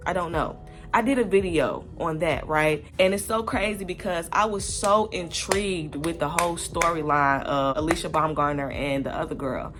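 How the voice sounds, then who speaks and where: A woman's voice: on the low side, fairly bright tone. A young woman talking casually to camera in a rambling, candid commentary vlog, swearing freely and piling up fillers. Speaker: vlogger.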